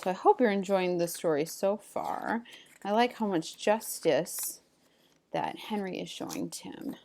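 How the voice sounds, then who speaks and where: A woman teacher at a middle pitch, reading out vocabulary words one by one and pausing for the class to repeat. She speaks clearly and patiently, leading call-and-response drills. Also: warm tone, a little hiss or hum. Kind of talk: recorded remote reading lesson.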